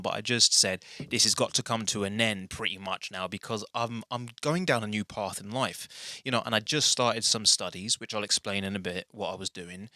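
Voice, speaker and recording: In a dry recording, a podcast host with a lowish, sharp voice opens his solo show from a tiny bedroom studio. His casual talk to the camera is rambling and self-deprecating.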